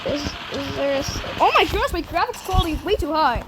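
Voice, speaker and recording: A woman rambling through casual game commentary, getting excited, shrieking at the game and scolding her dogs. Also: high-pitched, a little fast. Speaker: gaming channel host. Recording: loud background noise. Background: dogs nearby.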